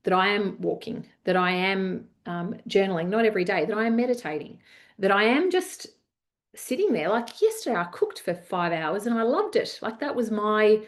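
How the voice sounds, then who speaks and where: A woman's voice: mid-range voice, normal speed. A woman, presenting a leadership masterclass and chatting her way through anecdotes with lots of fillers. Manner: chatty, many fillers, animated retelling. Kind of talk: webinar talk with anecdotes.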